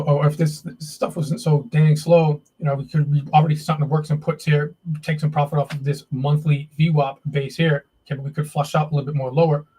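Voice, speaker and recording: A man hosting a live day-trading stream, muttering and cursing as he works the charts. His voice sits a little high and has a husky edge. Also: warm tone, poor audio. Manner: frustrated, swearing, talking to himself while trading.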